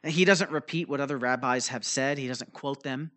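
Bright-voiced preacher explaining scripture. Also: male voice, medium pitch, normal speed. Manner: explanatory, checks in with frequent "right?" and "okay?"; loose delivery with fillers and restarts. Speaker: preacher teaching a Bible lesson. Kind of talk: teaching sermon.

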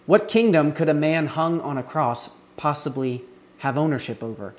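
A man preaching an expository sermon, earnest, building emphasis on key words and pausing to restart now and then. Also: fairly high pitch.

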